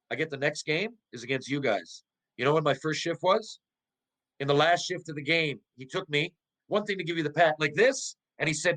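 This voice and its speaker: A middle-aged former pro hockey player, appearing as a podcast guest, tells stories in casual conversation. He's animated and profane, often restarting and posing rhetorical questions, with a slightly high voice at a moderate pace. The audio quality is poor.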